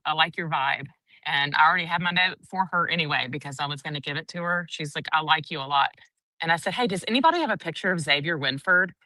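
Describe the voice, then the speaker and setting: A woman's voice: deep voice, pushed and bright, no echo, recorded from a distance. A woman, casually recapping a trial day and acting out the quotes in a chatty, breathless way. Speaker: courtroom trial reporter.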